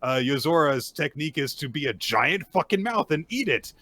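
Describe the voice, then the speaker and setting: A man with a fairly high, sharp, sing-song voice co-hosts a manga recap podcast at a moderate pace. He recounts the chapter casually, swears freely, and acts out the characters.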